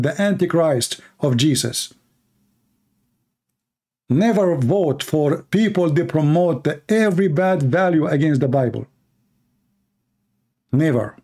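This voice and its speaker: This Christian preacher, a Middle Eastern man with an Arabic accent, has a slightly high voice with a dark tone. His fiery political sermon is built from short, repeated, punchy lines delivered with emphatic exhortation.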